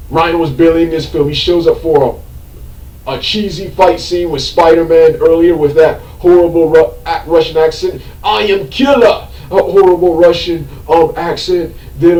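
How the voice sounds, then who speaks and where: Far from the mic in an echoey, roomy space, a mellow-toned, fairly high-pitched man rants through an off-the-cuff film review. His talk is repetitive and meandering, trailing off with frequent ums, broken up by fed-up outbursts.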